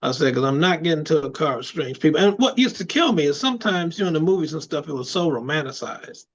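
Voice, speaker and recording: A man's voice: a little high, lively intonation, fast talker, lo-fi sound. A man co-hosting a casual chat show, blunt and emphatic, swearing freely. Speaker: podcast co-host.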